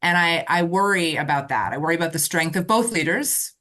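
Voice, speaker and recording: A woman's voice: lowish voice, expressive, a little fast, bright, forceful tone. A woman political reporter speaking as a podcast guest, earnest and emphatic, with frequent restarts. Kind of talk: casual political talk. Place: remote from Ottawa.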